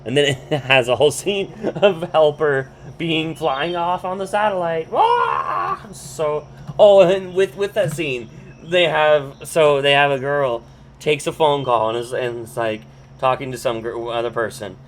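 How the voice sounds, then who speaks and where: A man's voice: fairly high pitch, fairly even intonation, measured pace, a little hiss or hum. A man hosting a podcast, recapping a cartoon episode in a loose, rambling way, swearing often and filling gaps with "um" and "like". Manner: rambling, profane, full of fillers and restarts. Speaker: podcast host.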